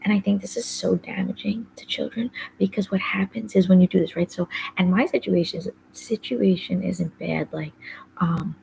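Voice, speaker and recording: In a mid-range, gravelly, slightly mellow voice at normal speed, a woman hosts a podcast and rambles casually about her own life. She uses lots of fillers like "like" and "um" and often lowers to a whispery undertone. The recording is low quality, with a little hiss or hum.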